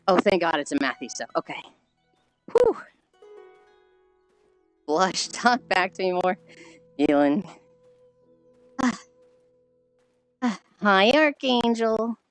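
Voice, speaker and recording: A woman streaming while she walks on a treadmill, sounding squeaky and chipmunk-like through a failing headset mic, sighing often and swearing casually as she greets viewers. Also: very animated, extremely slow, pauses often, dry recording, soft background music, poor audio. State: walking on a treadmill while talking. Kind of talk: casual live-stream chat.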